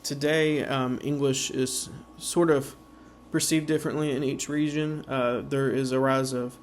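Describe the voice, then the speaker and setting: A man giving an informal slideshow presentation, halting with many fillers and slowing down to sound out example words. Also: medium pitch, level tone, slight background noise.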